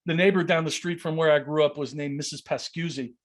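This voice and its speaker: A man, a leadership coach, answering a question on a video call in an animated way, acting out quoted speech. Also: a little high, quick pace. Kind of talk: online masterclass Q&A.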